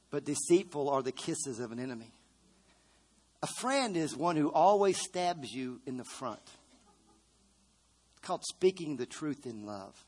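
A man's voice: a little high, a little mellow. A middle-aged man preaching a fervent sermon. He calls out to the congregation and repeats phrases for emphasis. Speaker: pastor.

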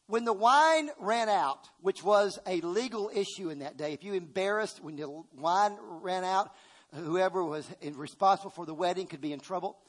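Emphatic high-voiced male preacher. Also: normal speed. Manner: emphatic, swings between loud bursts and hushed asides; calls on the congregation to respond. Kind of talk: sermon.

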